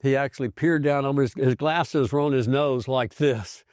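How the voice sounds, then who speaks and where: An older male doctor telling his own health story in a conversational way, animated and acting out the voices of the people in it. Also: medium pitch, normal speed, no room sound, studio quality. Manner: animated storyteller who acts out quoted voices. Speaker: physician host.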